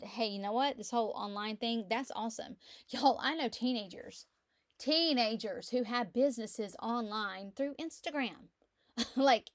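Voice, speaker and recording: Middle-aged woman with a lilt, chatty and upbeat, computer mic at home, fairly high voice. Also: no echo, studio quality. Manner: chatty, animated storytelling with laughs. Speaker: real estate agent. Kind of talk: casual screen-share walkthrough. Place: quiet room at home.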